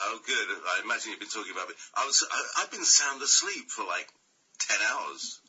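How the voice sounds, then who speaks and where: A man joining a video call, playful and animated in casual chat. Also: lowish voice, fairly quick, breathy edge, poor audio.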